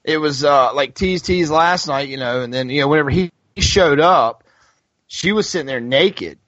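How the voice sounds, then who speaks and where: A man's voice: fairly high pitch, moderate pace, fairly bright tone, dry recording. A man co-hosting a podcast in casual chat, rambling, restarting sentences, full of "you know". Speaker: podcast co-host. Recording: dull lo-fi podcast audio.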